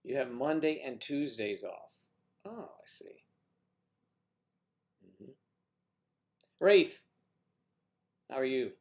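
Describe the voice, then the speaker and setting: A man's voice: mid-range voice, very animated, slow pace, long pauses, a little mellow. A man hosting a casual livestream chat with guests, rambling and teasing with jokes, talking into a computer mic. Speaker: livestream host.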